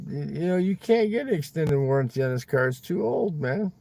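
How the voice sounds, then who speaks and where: A man's voice: fairly high pitch, animated, a little fast, creaky, hardly any pauses, mellow. A man livestreaming from inside his car, chatting loosely with viewers, rambling and swearing, ending lines with "man". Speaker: livestream host. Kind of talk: casual chat with viewers.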